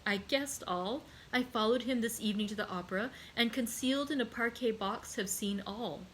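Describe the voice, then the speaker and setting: A woman's voice: a little high, moderate pace, fairly bright tone, slight background noise, natural voice, rough recording. A woman reading aloud and voicing a despairing noblewoman and mother who pleads passionately for her son. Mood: pleading. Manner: pleading, raised and impassioned.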